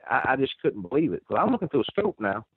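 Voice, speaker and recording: A man's voice: medium pitch, very animated, fast talker, husky, no echo. A man telling a first-person story, rambling and earnest with many restarts. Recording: tinny phone line.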